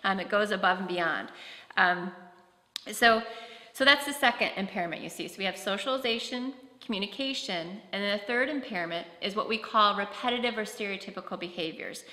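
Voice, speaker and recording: Female conference speaker, casual explainer tone with fillers; bright voice in a reverberant hall. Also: medium pitch, brisk. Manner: conversational with many fillers and restarts. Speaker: presenter on autism. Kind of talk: conference talk. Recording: echoey hall with long reverb.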